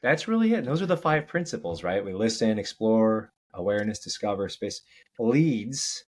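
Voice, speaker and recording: A man's voice: lowish voice, sing-song, moderate pace, a little mellow. A man, a podcast guest, telling long stories in casual interview talk, rambling and restarting, often checking in with "right?". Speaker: podcast guest, change coach.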